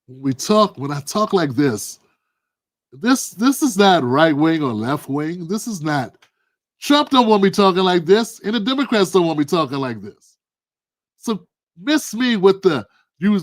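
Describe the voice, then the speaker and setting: Guy running his own political livestream, high voice, dry close mic, animated and preachy, real casual talk. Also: no echo. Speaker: livestream host.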